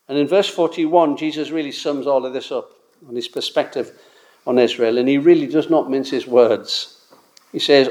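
A man preaching with force, stacking his points in long repeated runs. His voice sits a little on the higher side for a man, and he drives each phrase home with steady emphasis. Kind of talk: sermon.

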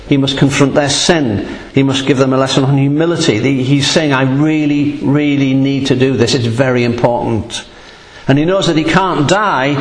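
A man preaching a sermon to his congregation in a conversational, emphatic teaching manner. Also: a little high. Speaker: pastor. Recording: echoey hall with long reverb.

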